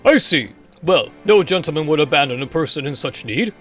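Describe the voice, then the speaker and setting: A man's voice: on the high side, expressive, brisk, faint music behind, natural voice. A man voicing a fussy, polite male professor in a video game, with courtly, old-fashioned phrasing. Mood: courteous.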